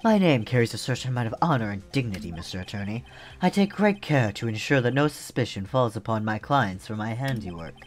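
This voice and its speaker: A man voicing a courteous, polite assassin with soft menace. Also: medium pitch, lively intonation, natural voice. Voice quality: measured, mannered politeness. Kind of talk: reading game dialogue aloud.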